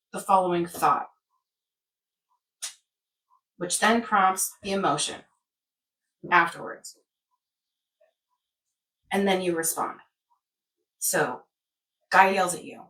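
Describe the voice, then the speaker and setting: A woman's voice: lowish voice, takes it slowly, long pauses, fairly bright tone, recorded from a distance. Rambling woman in an echoey room. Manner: rambling, acts out scenarios in quoted voices. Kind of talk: casual wellness chat.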